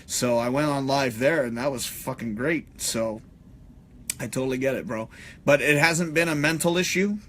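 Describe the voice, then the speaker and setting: A middle-aged man chatting on a live stream in a loose, rambling way. He swears freely and fills his talk with "uh" and "you know". His voice sits at an ordinary middle pitch. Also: normal speed, a bit bright. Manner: rambling, profane, many fillers. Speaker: podcast host. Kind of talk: casual live-stream chat.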